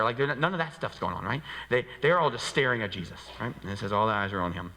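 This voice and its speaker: A male pastor delivers a sermon in a loose, conversational way and keeps checking in with the room with quick rhetorical asides. His voice is bright and sits in a middle pitch. A long reverb trails off his words in the church sanctuary. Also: vocal fry. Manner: conversational and animated, with many rhetorical "right?" asides. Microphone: handheld microphone.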